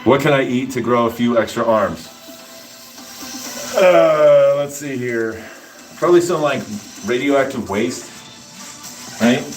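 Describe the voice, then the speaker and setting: A man's voice: mid-range voice, slow pace, pauses often, soft background music. A man casually explaining nutrition to his livestream chat between workout sets, rambling and joking with viewers. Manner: rambling, answers chat, jokey asides. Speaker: fitness streamer.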